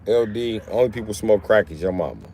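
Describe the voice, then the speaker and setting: Talking briskly over slight background noise, a late-30s man hosts a casual livestream. He reads out chat messages and roasts the users with profanity, mocking them in shouted high-pitched bits.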